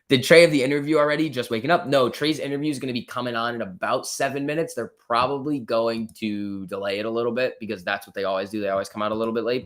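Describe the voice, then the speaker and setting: This male livestream host has a medium-pitched, slightly bright voice. In a relaxed stream, he reads out what viewers write and responds playfully, teasing them a bit.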